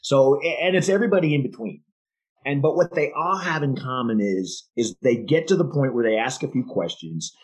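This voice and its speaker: Husky, emphatic male sales podcaster. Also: medium pitch, lively intonation, fairly quick, low-quality recording. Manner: emphatic, rambling with restarts. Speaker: podcast co-host. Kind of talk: casual sales chat.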